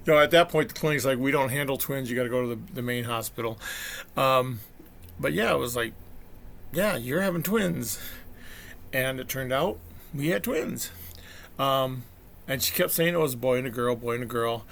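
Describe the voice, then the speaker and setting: Man, middle-aged, gravelly voice, chatty rambling vlog, acts out quotes. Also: mid-range voice, moderate pace, pauses often, fairly bright tone, a little hiss or hum. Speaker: vlogger. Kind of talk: casual rambling monologue.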